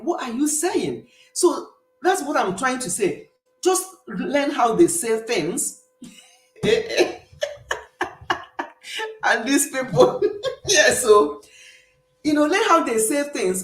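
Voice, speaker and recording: A woman's voice: high voice, very animated, takes it slowly, pauses often. Middle-aged Nigerian woman with an Igbo accent, emphatic, chatty host, echoey room. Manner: chatty, emphatic, laughs often. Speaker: livestream host. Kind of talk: casual chat with live viewers. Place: home in the UK.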